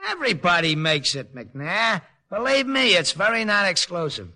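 A wisecracking streetwise veteran. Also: male voice, sits high, sing-song, normal speed, pushed and bright, heavily acted. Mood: sardonic. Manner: slangy, tough-talking wisecracks. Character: wisecracking streetwise man, war veteran, gruff but kind. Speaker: narrator and lead character. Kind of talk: 1940s radio acting.

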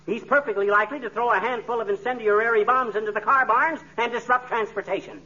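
An excitable, boastful husband on old radio, bright and high-pitched. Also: male voice, fast. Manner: blustering, excitable, folksy. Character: blustering, boastful, suspicious middle-aged husband. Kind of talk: 1940s radio comedy acting. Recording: dull lo-fi old radio recording with faint hiss.

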